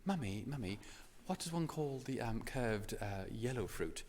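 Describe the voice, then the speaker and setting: A man's voice: medium pitch, expressive, fairly quick, warm tone, a little hiss or hum, lightly acted. A man doing a prim posh little girl.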